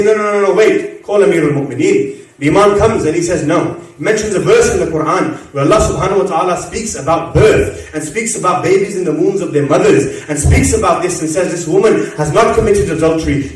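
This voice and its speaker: A man with a high-pitched voice tells religious stories at a mourning gathering, acting out the dialogue. His voice carries from far off the mic and rings through a very reverberant hall. At the emotional parts he sinks into a soft, low tone. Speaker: Muharram speaker. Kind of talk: religious lecture storytelling. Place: mosque or community hall.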